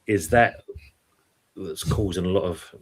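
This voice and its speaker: Deep-voiced man reading live chat. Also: unhurried, breathy edge. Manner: chatty, reads out viewer comments. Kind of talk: casual football chat.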